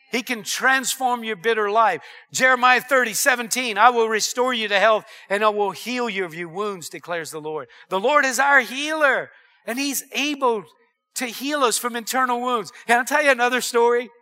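A middle-aged male pastor preaching a sermon, telling stories with rising energy and shouted emphasis. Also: very high-pitched.

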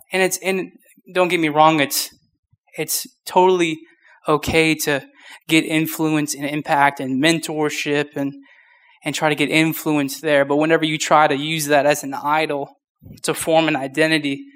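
Short of breath and informal, a young man in his twenties preaches to a youth group, rambling with frequent restarts and fillers. He's a youth pastor whose voice is fairly high and a little bright.

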